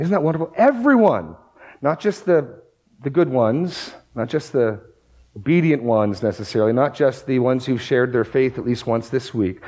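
A man's voice: mid-range voice, a little mellow, rough recording. A man preaching a sermon, working through scripture passages and rising to emphatic bursts on key words. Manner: quotes scripture aloud, reads verses with emphasis. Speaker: pastor.

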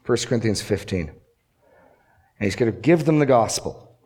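A man's voice: lowish voice, expressive, a little slow, a little mellow, slightly rough. A male pastor preaching an earnest sermon, asking rhetorical questions and repeating key lines for emphasis.

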